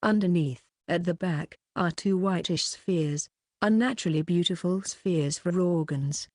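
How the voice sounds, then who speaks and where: Woman reading an audiobook, lowish voice, dry close sound. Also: a little mellow, dry recording. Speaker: audiobook narrator. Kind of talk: scripted narration.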